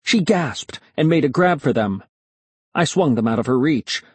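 A man narrating a children's story in the first person. His voice is slightly husky and his pitch moves with lively expression. The recording is close and dry. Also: normal speed, no room sound. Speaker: audiobook narrator.

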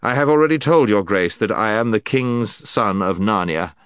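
A man's voice: mid-range voice, expressive, measured pace, a bit bright, dry recording, studio quality, voice pushed up. A man voicing a young prince who speaks in a formal, stern, courtly way, with his voice raised.

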